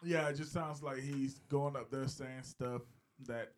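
A man co-hosting a podcast in casual chat, blunt and joking, with sudden jumps in loudness. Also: medium pitch, steady tone, a little slow. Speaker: podcast co-host.

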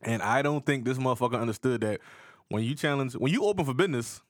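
A man's voice: mid-range voice, fast talker, no echo, clean studio sound. A man co-hosting a podcast, talking loosely and profanely in a joking casual chat. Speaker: podcast co-host.

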